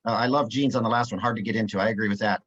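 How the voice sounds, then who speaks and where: A man's voice: fairly low pitch, steady tone, racing, fairly bright tone. Upbeat man hosting a webinar over muffled audio. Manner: upbeat, many "uh" fillers, reads out chat replies. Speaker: webinar presenter. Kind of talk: live webinar facilitation.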